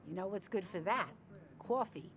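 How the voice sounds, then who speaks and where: A woman's voice: medium pitch, lively intonation, moderate pace, a crowd in the background, lightly acted. Woman playing a gossipy older cafe owner. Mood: chatty. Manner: gossipy, sweet, calls people dear and hun. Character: chatty older small-town cafe owner, motherly gossip.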